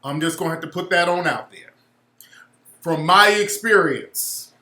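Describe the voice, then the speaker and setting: A man's voice: sits high, echoey room. Blunt, profane man telling stories. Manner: blunt, profane, animated storytelling. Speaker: show host. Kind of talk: casual livestream talk.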